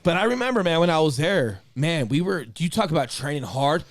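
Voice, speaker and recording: A former Marine, now a podcast guest, telling stories in casual, profane, emphatic chat. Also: male voice, on the high side, sing-song, fairly quick, dry recording.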